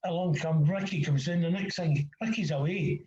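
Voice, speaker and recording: A man telling lively anecdotes in casual chat, acting out the dialogue and laughing often. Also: a little high, normal speed, slight background noise. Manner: animated storyteller, acts out dialogue, laughs often. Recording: dull, echoey sound.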